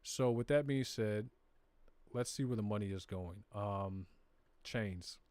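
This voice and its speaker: A slow, fairly low, slightly mellow male voice, recorded without room sound, belongs to a Southern US host of a live crypto stream. In a laid-back screen-share walkthrough, he goes over charts and data in simple, slangy terms. He speaks to viewers directly and keeps things chatty.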